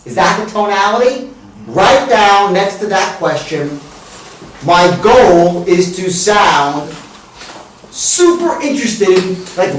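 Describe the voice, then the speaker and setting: Profane sales trainer in an echoing room. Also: male voice, high voice, very animated, slow pace, slight background noise. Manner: blunt, profane, swings into loud exaggerated demonstrations. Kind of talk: live sales training talk. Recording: very echoey room, speaker far from mic.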